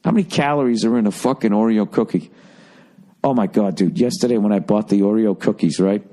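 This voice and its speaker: A man's voice: fairly low pitch, fairly quick. Profane, rambling middle-aged man. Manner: animated, swearing, mimics people. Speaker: comedian podcast host.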